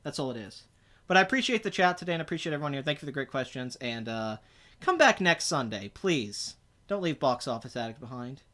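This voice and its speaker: A young man hosting a casual podcast, rambling and animated as he talks to his viewers and teases his co-host. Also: mid-range voice, brisk. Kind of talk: casual livestream podcast chat.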